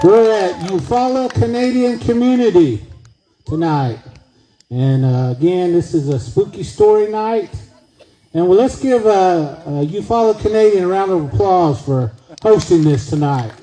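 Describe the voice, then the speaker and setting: High, mellow-voiced emcee man. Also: animated, measured pace, poor audio. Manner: upbeat, crowd-rousing. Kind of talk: hosting a live event. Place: outdoor evening gathering.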